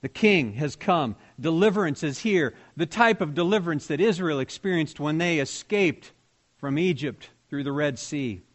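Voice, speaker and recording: A man preaching to his congregation in a conversational way. His voice sits a little high for a man. He keeps asking the people in front of him questions. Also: animated, normal speed. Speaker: pastor. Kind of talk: sermon.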